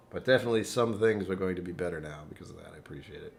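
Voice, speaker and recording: Low-voiced man rambling on a whiskey stream. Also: rapid-fire, vocal fry, soft background music. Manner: rambling, self-deprecating, laughs often. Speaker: whiskey channel host. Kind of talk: casual live-stream chat. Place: home.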